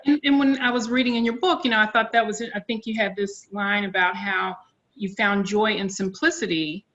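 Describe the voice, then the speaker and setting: A woman's voice: mid-range voice, fairly even intonation, brisk, a bit bright, dull audio. A middle-aged woman hosting an interview over a video call, talking hesitantly with many fillers and reading out viewer comments. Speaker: host, board president.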